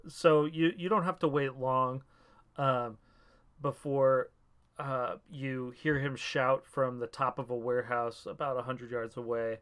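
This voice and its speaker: A man's voice: medium pitch, steady tone, measured pace, fairly bright tone, clear, resonant tone. A man running a tabletop game as game master, explaining and narrating with frequent hesitations. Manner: hesitant, many ums.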